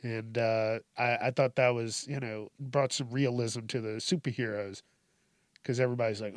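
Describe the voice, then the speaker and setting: A man's voice: medium pitch, normal speed, no echo, clean studio sound. A man hosting a podcast alone, rambling through a casual, profane, self-mocking monologue. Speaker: podcast host.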